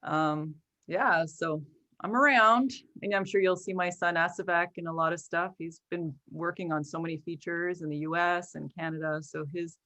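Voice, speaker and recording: A woman's voice: on the low side, steady tone, normal speed, bright, forceful tone. A middle-aged woman filmmaker speaking animatedly in a Q&A over a video call, laughing often and acting out quotes. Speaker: filmmaker and guest.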